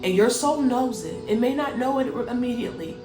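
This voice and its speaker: A woman's voice: on the high side, lively intonation, fairly quick. A woman hosting a motivational spiritual talk, earnest and emphatic with repeated phrases. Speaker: host. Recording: echoey room, faint music.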